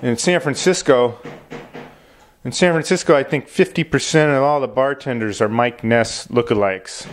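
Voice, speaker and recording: A man's voice: mid-range voice, moderate pace. A man doing a rambling, profane stand-up monologue in a laid-back way. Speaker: comedian.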